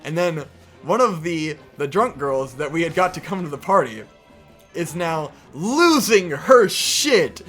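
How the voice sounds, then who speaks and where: A man's voice: a little high, sing-song, a little slow, fairly bright tone, faint music behind. A young man co-hosting a podcast, telling a story in a casual, exasperated rant with heavy swearing. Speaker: podcast co-host.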